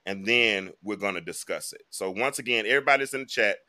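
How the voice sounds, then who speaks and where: A man's voice: lowish voice, fast talker, pushed and bright. A man hosting a live online talk show, giving casual, emphatic commentary and speaking straight to his viewers. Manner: chatty, emphatic, addresses viewers directly.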